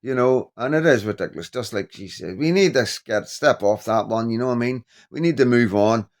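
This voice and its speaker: A man vlogging in a rambling casual commentary, halting and full of "you know what I mean". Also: medium pitch.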